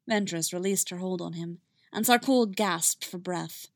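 A woman narrating a fan fiction story in a steady, even reading voice. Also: fairly low pitch, normal speed, dry recording, studio quality.

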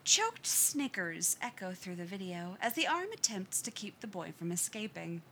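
A woman reading a fan fiction story aloud in an expressive audiobook style. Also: lowish voice, moderate pace, a little hiss or hum. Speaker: story reader.

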